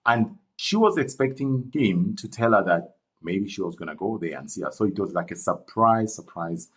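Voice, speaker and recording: A man narrating a storytime story in an animated, chatty way, talking straight to viewers. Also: low-pitched, moderate pace, rough recording.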